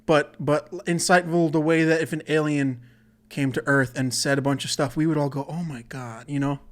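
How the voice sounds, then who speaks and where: A man hosts a solo comedy podcast, his voice on the high side with little pitch movement and a slightly fast pace. He rambles, swears freely, and often cuts himself off mid-thought.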